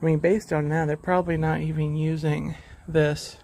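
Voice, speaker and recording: A man's voice: fairly high pitch, flat delivery, moderate pace, creaky, a little mellow, slight background noise. A man live-streaming a hike, chatting in an easygoing, rambling way as he walks, a little out of breath. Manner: rambling, easygoing commentary while walking. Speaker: vlogger. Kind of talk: live-streamed hiking chat. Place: outdoors on a hiking trail by a lake.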